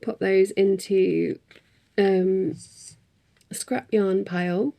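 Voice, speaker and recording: A woman's voice: medium pitch, fairly even intonation, very slow, creaky, mellow. A woman in a casual craft vlog, chatting in a rambling way with frequent ums and little laughs. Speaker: craft vlogger. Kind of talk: casual chat.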